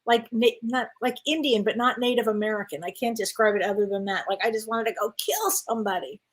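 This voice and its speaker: A woman's voice: a little high, steady tone, fairly quick. A woman co-hosting a casual talk show, speaking in a reflective, earnest way. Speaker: co-host. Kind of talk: casual conversation.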